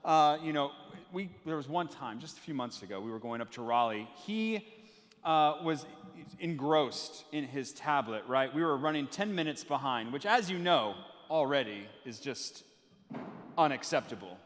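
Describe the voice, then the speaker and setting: A man's voice: medium pitch, expressive, normal speed, fairly bright tone. A man in his thirties, a pastor giving a sermon to a live congregation, telling family stories with playful asides. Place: church sanctuary with live congregation. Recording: long hall reverb.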